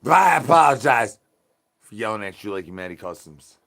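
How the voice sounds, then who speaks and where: A man live streaming in a goofy zombie persona, rambling with sing-song rhymes and yelling at his chat. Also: fairly low pitch, expressive, fairly quick, vocal fry. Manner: silly rhyming and sing-song wordplay.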